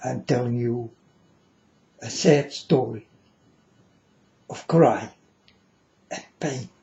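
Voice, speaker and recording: A man's voice: medium pitch, extremely slow, warm tone, dull audio. A man giving an earnest, solemn monologue to his viewers, repeatedly calling them folks. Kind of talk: emotional monologue to camera.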